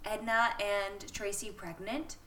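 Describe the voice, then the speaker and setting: A woman in casual comedic chat, chiming in with quick, squealing interjections. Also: mid-range voice, steady tone, roomy sound, crowd noise. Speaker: podcast co-host.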